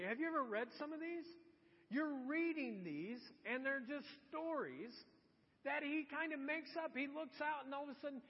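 A man with a high voice preaches a sermon in a relaxed, conversational way. He poses rhetorical questions and briefly acts out the voices of the people in his examples. The recording is dull and muffled, with a long hall reverb around him. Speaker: pastor. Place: church.

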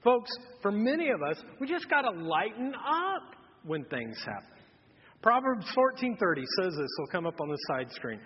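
A man in his thirties preaching a humorous sermon, telling a self-mocking story in an animated way. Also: high-pitched, moderate pace, in a large hall, highs cut off, a little hiss or hum. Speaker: pastor. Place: church auditorium.

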